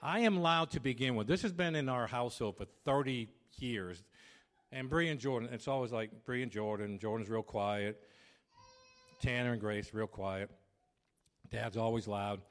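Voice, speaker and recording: A medium-pitched, moderately paced pastor in his fifties gives a sermon. He tends to be loud and performs household disputes with animated flair.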